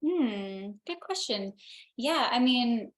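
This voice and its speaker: A woman's voice: a little high, lively intonation, takes it slowly. A young adult woman, an actor being interviewed, answering casually and hesitantly with many restarts and fillers. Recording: roomy echo.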